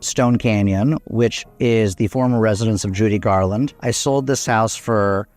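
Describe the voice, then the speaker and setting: A man who sells real estate, describing a home in a measured, enthusiastic way. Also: on the low side, a little mellow. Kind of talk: property walkthrough.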